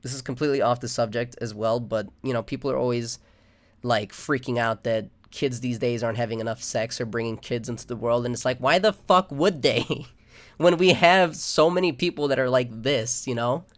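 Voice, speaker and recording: A man's voice: mid-range voice, moderate pace. Profane ranting man. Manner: profane, frustrated, with frequent restarts and filler. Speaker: vlogger. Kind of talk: angry ranting monologue.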